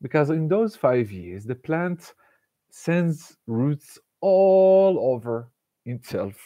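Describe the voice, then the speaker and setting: A man, giving a casual, animated self-help talk and laughing often between thoughts. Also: a little high, takes it slowly, dry recording, phone-quality sound. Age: 40s. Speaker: motivational speaker.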